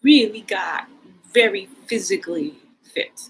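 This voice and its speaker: A woman delivering a rambling solo video monologue as a posture and movement educator. She is excitable and often trails off into hushed asides. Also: medium pitch, unhurried, a little hiss or hum, low-quality recording.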